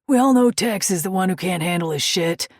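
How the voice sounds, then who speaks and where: A woman's voice: on the low side, lively intonation, fairly quick, no room sound, studio quality, voice pushed up. A woman doing a cocky, mocking biker. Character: cocky blue-eyed male biker, teasing his friend.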